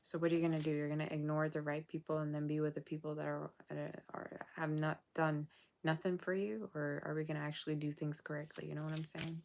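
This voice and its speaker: A tarot reader with a low, level voice talks fast, with vocal fry and a slightly mellow quality. She gives her viewers a casual, direct reading, blunt and sassy, tired and yawning late at night.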